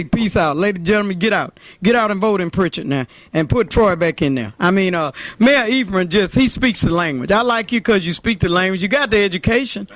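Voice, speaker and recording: High-voiced guy hosting, all hyped up, keeps saying things twice. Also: a little fast, hardly any pauses. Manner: excited, repeats himself. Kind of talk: casual chat.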